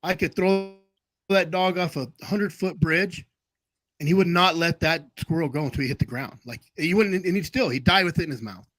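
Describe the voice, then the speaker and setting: Male livestream host, slightly high voice, anecdotal rambling, dry close sound. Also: moderate pace, fairly bright tone, dry recording, low-quality recording. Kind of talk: casual chat.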